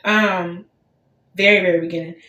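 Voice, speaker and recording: A woman's voice: on the low side, steady tone, moderate pace, bright, forceful tone. A woman in her twenties giving a casual livestream tarot reading, chatty and repetitive, full of fillers. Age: 20s. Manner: chatty, lots of fillers, repeats herself. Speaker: tarot reader. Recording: roomy echo, faint background hiss.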